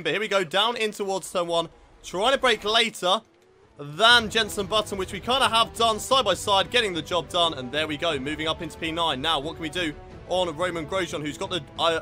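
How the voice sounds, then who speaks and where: A man's voice: high voice, bright, forceful tone. A young man commentating live on his own racing game, getting frustrated and swearing at it. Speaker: gaming video host.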